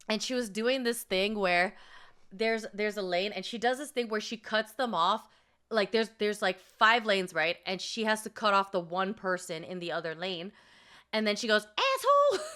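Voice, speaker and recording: A young woman vlogger telling stories in casual chat, profane and animated, often laughing and acting out quotes. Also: medium pitch, clear, resonant tone.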